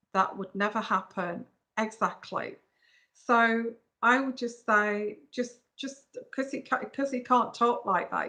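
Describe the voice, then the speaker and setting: A woman's voice: fairly high pitch, bright, forceful tone. A woman reading tarot on a live stream, giving frank, emphatic advice straight to viewers over a phone. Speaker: tarot reader.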